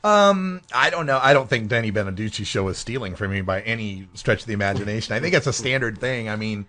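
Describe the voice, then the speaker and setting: A man hosting a talk radio show, lively and laughing easily. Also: fairly low pitch, fast talker. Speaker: host.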